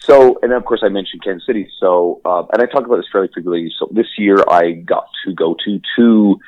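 Deep-voiced laughing podcast host. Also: male voice, a little fast, no room sound, dull audio. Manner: laughing, enthusiastic, swears freely. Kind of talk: casual chat.

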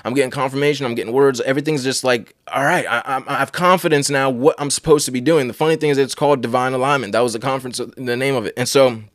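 A man's voice: medium pitch, steady tone, fast talker, hardly any pauses, no room sound, clean studio sound. Earnest man sharing a testimony. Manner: earnest, emphatic, repeats phrases for emphasis. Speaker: Christian speaker and podcast host. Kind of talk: casual personal testimony.

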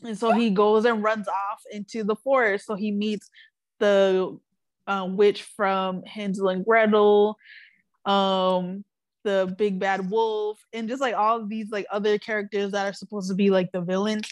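A woman's voice: mid-range voice, flat delivery, unhurried, dry recording. A woman co-hosting a podcast in casual chat, talking loosely with lots of fillers and frequent laughter. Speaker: podcast co-host.

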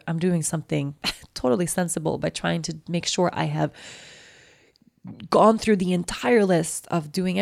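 A woman in her thirties talks through her fears on her own podcast, with a heavily gravelly, low-pitched voice. She rambles candidly, near tears, and the recording is very dry and close. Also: darkish tone, no room sound. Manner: candid, emotional, rambling with many fillers. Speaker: podcast host. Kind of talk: personal podcast monologue.

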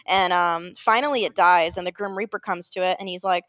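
A woman co-hosting a casual podcast, telling stories in an animated, rambling way, full of fillers and self-corrections. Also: mid-range voice, fast talker, hardly any pauses, dry recording. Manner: animated storytelling, often laughing. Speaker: podcast co-host. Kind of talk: casual chat.

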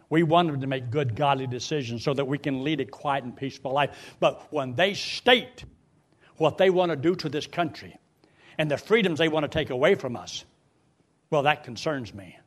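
Fiery older preacher with a drawl. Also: male voice. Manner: fiery, swings from loud outbursts to low quiet pleading. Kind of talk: sermon.

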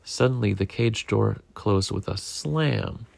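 A man reading a picture book aloud to a child at home, in a gentle, unhurried storytelling manner. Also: fairly low pitch, gravelly, no echo.

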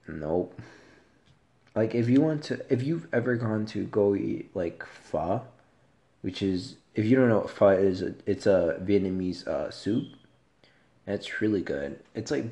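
Slow, low-voiced man podcasting casually. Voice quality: soft, low voice. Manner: rambling, profane, laid-back. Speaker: podcast host. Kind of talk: casual solo podcast chat.

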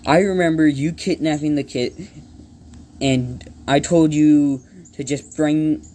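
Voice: mid-range voice, fairly even intonation, slow, mellow, a little hiss or hum, close to an everyday voice. A storyteller voicing an angry leader cat in a made-up cat story, stumbling and restarting while accusing another cat. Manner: accusing, stumbling over words.

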